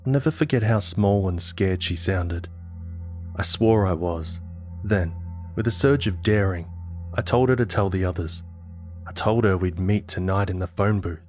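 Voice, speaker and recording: A man with a lowish voice tells a horror story in first person, measured and dramatic. Music plays clearly under his narration. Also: a little mellow.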